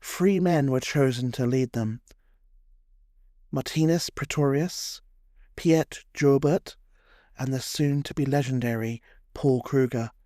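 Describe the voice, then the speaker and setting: A man's voice: mid-range voice, slow, long pauses, dark tone, no room sound. A man narrating a scripted history tale in a wry storytelling way, with dry humorous asides.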